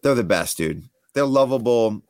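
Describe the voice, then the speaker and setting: Easygoing man with a lively voice. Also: medium pitch, moderate pace. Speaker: podcast guest. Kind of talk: casual podcast chat.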